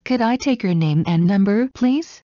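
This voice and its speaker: A woman slowly reading everyday English phrases one at a time for learners. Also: mid-range voice, animated, mellow, no echo, muffled recording. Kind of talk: slow scripted phrase reading.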